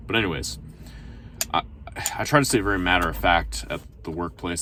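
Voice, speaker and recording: A man's voice: sits low, fairly quick, sharp tone. A man who works as a restaurant server tells a story casually from inside his car, talking into his phone. He rambles, sounds a little self-conscious, and uses lots of fillers and restarts. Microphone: phone held in front of him.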